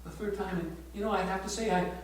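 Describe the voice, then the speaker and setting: An older man with a high voice preaches at a prayer retreat, telling his story tenderly and often sinking to a hushed near-whisper. He is heard from some distance in a strongly echoing room with a faint hum behind him. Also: steady tone, fast talker. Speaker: pastor leading a prayer retreat. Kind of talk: sermon.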